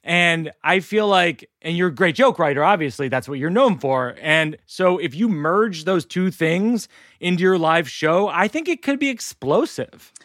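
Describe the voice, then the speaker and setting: Male podcast host; dry close sound, slightly high voice, upbeat and encouraging. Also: animated, unhurried, fairly bright tone, no echo. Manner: enthusiastic, encouraging. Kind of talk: casual podcast chat and host-read ad.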